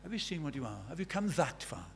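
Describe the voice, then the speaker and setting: High-voiced male preacher, pleading and urgent in his sermon. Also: sing-song, fast, slight background noise. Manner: pleading, rising to urgent calls, then hushed storytelling.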